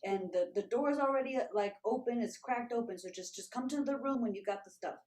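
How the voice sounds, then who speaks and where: A woman's voice: a little high, quick pace, darkish tone, natural voice. A woman quoting a cheeky, easygoing male friend in an offhand, teasing way, in a roomy recording. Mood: casual. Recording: roomy echo.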